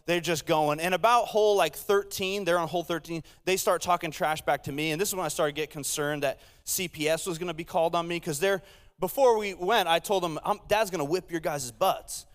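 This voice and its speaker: A man in his thirties preaching to a congregation in a light, self-mocking storytelling manner. His voice sits a bit high for a man, and he keeps breaking off to tease the listeners with jokes. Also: a little fast, long reverb tail. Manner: self-deprecating, jokey, playful asides to the audience. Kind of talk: humorous sermon storytelling.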